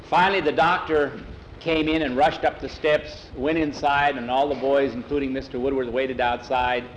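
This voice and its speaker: A man's voice: mid-range voice, little pitch movement, moderate pace, slight background noise. A man telling a story aloud in a plain, folksy way, on a dull lo-fi recording.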